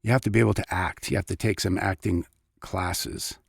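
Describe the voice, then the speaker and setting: Man, voice actor, gravelly, low-pitched, dry recording, rambling vlog chat. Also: steady tone, normal speed, dry recording. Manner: chatty, rambling, self-interrupting. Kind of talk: casual vlog talk.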